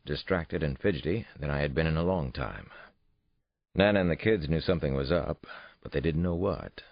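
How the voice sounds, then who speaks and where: A very deep male voice with a gravelly grain, narrating a thriller audiobook in the first person. His delivery is lively and wry. The recording is dry and somewhat dull. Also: no echo. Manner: wry, affectionate storytelling. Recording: dull, muffled studio read.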